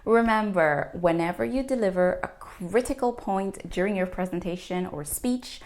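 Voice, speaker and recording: A woman public speaking coach giving scripted tips, with clear, deliberate delivery and firm downward endings to her sentences. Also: medium pitch, a little mellow.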